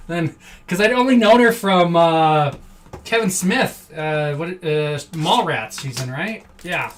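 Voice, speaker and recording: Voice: mid-range voice, lively intonation, takes it slowly, far from the mic. A card-break host from Wisconsin, chatting casually and rambling on a live stream indoors. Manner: chatty, rambling, easily amused. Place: indoor room.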